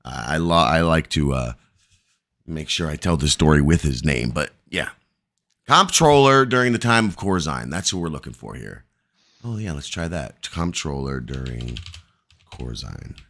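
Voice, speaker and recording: A man's voice: rumbling low, lively intonation, normal speed, creaky, a bit bright. A man hosting a live stream, telling a long, rambling story full of profanity.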